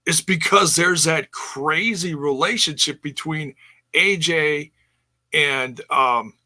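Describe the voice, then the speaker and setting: A man co-hosting a casual wrestling review podcast, recapping matches in a relaxed way. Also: fairly high pitch, takes it slowly. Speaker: podcast co-host.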